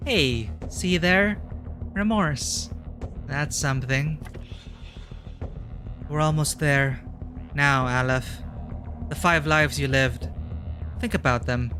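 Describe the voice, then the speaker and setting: A man voicing a calm, cold, mysterious interrogator who questions slowly and deliberately. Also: fairly high pitch, music in the background. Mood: solemn.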